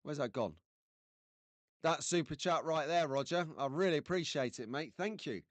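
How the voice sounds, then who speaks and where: A man's voice: fairly high pitch, normal speed, no room sound. A man from England hosting a casual live stream, chatty and jokey, greeting viewers by name.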